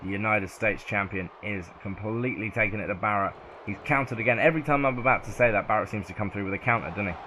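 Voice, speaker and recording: A man with a southern English accent doing play-by-play commentary over a video game, excitable and yelling at close calls. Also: fairly low pitch, fast, background noise. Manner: excitable, yells at near-falls.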